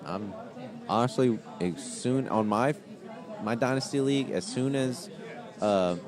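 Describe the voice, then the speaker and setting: A man's voice: mid-range voice, unhurried. A man co-hosting a fantasy football show live from a sports bar, talking casually and reeling off stats. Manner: easygoing, stat-heavy, laughs often. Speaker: fantasy football podcast co-host. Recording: live stream with loud bar crowd. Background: bar crowd chatter.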